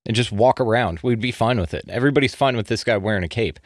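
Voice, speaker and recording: A Southern-accented man hosts a loose podcast conversation, ribbing his guest and cracking jokes. His voice sits at a middling pitch and is recorded dry and close, with almost no room sound. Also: fast, no room sound. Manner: joking, teasing, profane. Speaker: podcast host. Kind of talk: casual chat.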